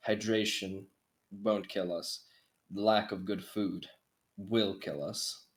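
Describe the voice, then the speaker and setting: A man's voice: deep voice, fairly even intonation, slow pace, very noisy. A man, a player in a tabletop game, bantering in a wry, joking way. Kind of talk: casual banter.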